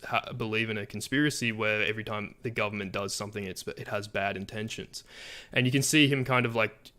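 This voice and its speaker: A man, not from America, giving halting commentary on a video, full of fillers and restarts. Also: fairly low pitch, pushed and bright. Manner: hesitant, many fillers and restarts. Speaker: commentary channel host.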